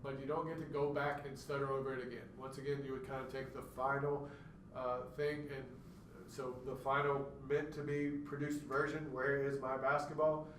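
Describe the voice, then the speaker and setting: A man's voice: medium pitch, little pitch movement, moderate pace, a bit bright, a little hiss or hum. Man lecturing in an echoey classroom. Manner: explanatory, demonstrates stutters aloud. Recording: echoey room, mic far off.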